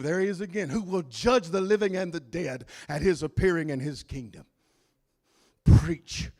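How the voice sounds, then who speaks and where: A man pastor preaching a fiery sermon, shouting out lines and dropping to a hush. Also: sits high. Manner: shouting, swinging from loud to hushed.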